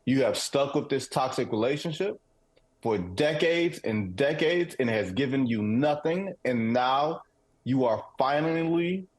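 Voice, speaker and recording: A man from Detroit co-hosting a sports talk show, measured and deliberate in debate. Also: medium pitch, expressive. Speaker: co-host.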